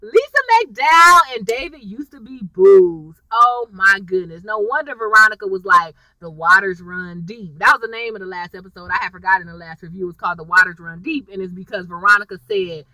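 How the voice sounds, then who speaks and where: A woman giving a chatty, animated recap of a TV episode, talking straight to her viewers. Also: medium pitch, fairly quick, few pauses, no echo, distant mic, low-quality recording. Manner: animated, chatty storytelling, addresses viewers directly. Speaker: TV episode reviewer.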